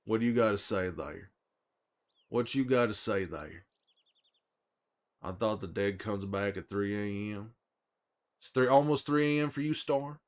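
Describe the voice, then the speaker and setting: A man's voice: fairly low pitch, a little slow, long pauses, close to an everyday voice. A man playing a weary middle-aged male survivor in character on a livestream, with a put-on drawl and a folksy, chatty way of talking to viewers. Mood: easygoing. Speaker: streamer in character.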